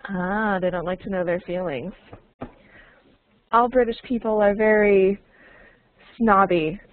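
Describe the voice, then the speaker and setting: A woman's voice: mid-range voice, steady tone, measured pace, a little hiss or hum. A woman teaching an online English lesson to a small group, patiently repeating and modeling phrases and laughing often. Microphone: computer mic on a video call. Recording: tinny online call line.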